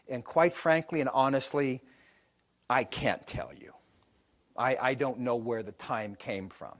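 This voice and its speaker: A middle-aged seminar speaker and author, his voice a little high and his pace slow, relates a story to a live audience in an event hall. He voices the characters as he goes.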